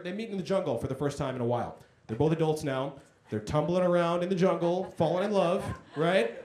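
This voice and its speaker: A man whose voice sits high and carries a darkish tone performs stand-up in an echoing comedy club. Talking conversationally and at his own expense, he brings his stories to life by imitating the people in them.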